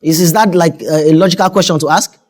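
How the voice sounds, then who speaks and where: A Nigerian man hosts a talk show in a quick, high voice. He jokes with the crowd and presses his guest to wrap up. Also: a little mellow. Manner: quick, joking, hurrying the guest along. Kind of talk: studio interview.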